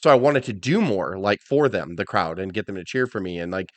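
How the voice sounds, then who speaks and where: A middle-aged man co-hosting a casual wrestling podcast, telling animated stories, acting out quotes and swearing freely. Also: low voice, a little fast, no echo. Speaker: podcast co-host.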